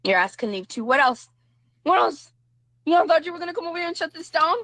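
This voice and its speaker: Woman, livestream host, high voice, dry sound; combative, mocking, says things twice. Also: animated, very fast, fairly bright tone, no room sound. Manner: combative, mocking, repeats herself. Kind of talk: heated livestream commentary.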